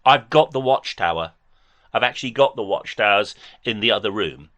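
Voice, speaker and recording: A man's voice: fairly low pitch, expressive, normal speed, fairly bright tone. Guy calling in, polite and formal, reads off dates and page numbers real carefully. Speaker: caller. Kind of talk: phone debate.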